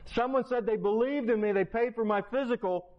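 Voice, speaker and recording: A man's voice: fairly high pitch, level tone, a little fast, lo-fi sound, natural voice. A man quoting an eager young teen boy. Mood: excited. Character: eager junior-high boy athlete.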